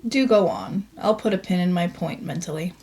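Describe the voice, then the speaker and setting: A woman's voice: lowish voice, normal speed, dark tone. Woman host with dry sarcastic asides. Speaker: commentary host. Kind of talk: reaction commentary.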